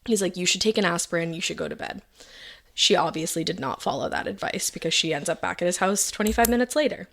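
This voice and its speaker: A woman's voice: fairly low pitch, fast talker, creaky, fairly bright tone, slight background noise. A woman podcast host retelling events in a casual, chatty way, full of fillers and quoted lines. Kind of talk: casual true-crime storytelling.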